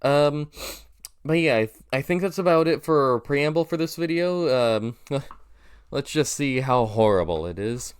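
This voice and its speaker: A man's voice: mid-range voice, animated, measured pace, smooth. A young man with a nasal voice, rambling through casual reaction commentary with lots of fillers and restarts, poking fun at himself. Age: young adult. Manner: rambling, self-deprecating, many fillers and restarts. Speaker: YouTuber reacting to his old video.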